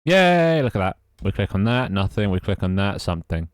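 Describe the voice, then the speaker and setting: A man's voice: deep voice, quick pace, a little mellow, no room sound, clean studio sound. A British man streaming live, muttering and swearing at his code between casual chats with his viewers. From Britain. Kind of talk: casual live-stream chat while coding.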